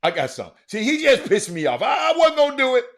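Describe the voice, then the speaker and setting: A middle-aged man hosts a casual live show and talks straight to his viewers. His voice sits high and swings widely up and down. He teases, stacks up repeated words and bursts into shouts. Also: wildly swooping pitch, fast. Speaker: show host.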